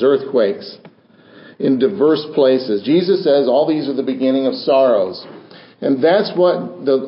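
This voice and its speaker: An older man preaching a sermon from the pulpit with dramatic, swinging delivery and repeated phrases. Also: mid-range voice. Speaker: pastor. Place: church sanctuary. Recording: roomy dull church recording.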